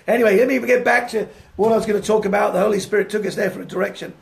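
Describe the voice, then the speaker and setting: A man preaching a fervent sermon, swinging from loud declarations to hushed prayer and laughing as he tells his story. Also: sits high, steady tone, racing, vocal fry. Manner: laughs often while telling a story.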